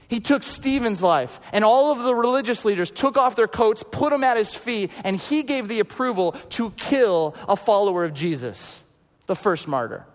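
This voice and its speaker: A high-voiced man delivers a sermon as casual storytelling. He slips in and out of the voices of the people in his tale. His voice rings through a large hall with a long reverb. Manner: casual and animated, acts out quotes. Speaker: preacher.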